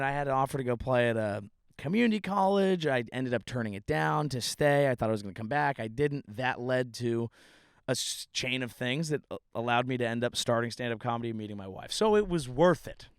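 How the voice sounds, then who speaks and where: A man's voice: medium pitch, a little fast, fairly bright tone, smooth, no room sound, studio quality. A man hosting his own show as a comedian, telling rambling, profane, self-deprecating stories in a casual monologue outdoors. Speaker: comedian and podcast host. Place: outdoors by a ditch at a family home.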